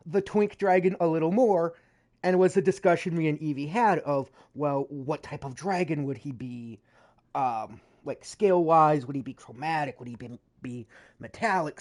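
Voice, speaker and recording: A gaming streamer chats casually over her gameplay in a fairly low, slightly mellow voice. She rambles, using frequent fillers and correcting herself often.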